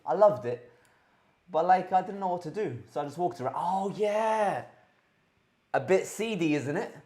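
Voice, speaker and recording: A woman co-hosting a casual live-stream chat, teasing her co-host with deadpan jokes. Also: lowish voice, normal speed. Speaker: tech show co-host.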